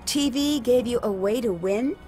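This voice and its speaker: Actress playing an earnest young girl detective in a game, slightly high voice, curious questioning. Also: normal speed, darkish tone, faint music behind, lightly acted. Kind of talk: video game voice acting.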